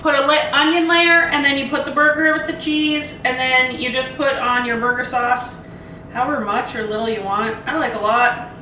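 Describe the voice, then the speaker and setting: A woman's voice: high-pitched, steady tone, normal speed, bright, forceful tone. A woman from Canada chatting casually through a home cooking vlog, full of rambling asides while she cooks. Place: home kitchen. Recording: very echoey kitchen, mic far off, frying noise. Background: food sizzling on a grill pan.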